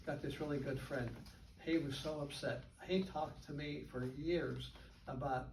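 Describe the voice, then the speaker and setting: An older man speaks casually to a group of colleagues, his voice a bit high and picked up from across an echoey room. He tells stories with animated chuckles, and faint background noise sits under him. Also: a little slow, far from the mic. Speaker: guest speaker. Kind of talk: informal talk to colleagues.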